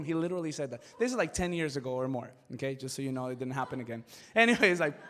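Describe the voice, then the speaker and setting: A male pastor telling a personal story in a sermon. He talks in an animated way full of "like" and repetition, and drops to a hushed, earnest tone for serious points. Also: a little high, fast talker, long reverb tail. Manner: animated, excitable storytelling with many "like" fillers.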